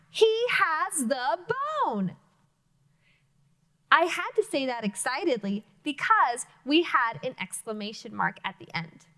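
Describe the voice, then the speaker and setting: A woman teacher leading a reading lesson for young children, speaking slowly and clearly with encouragement. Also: high-pitched, sharp tone. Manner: slow, clearly enunciated, encouraging teacher talk. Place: classroom-style video lesson.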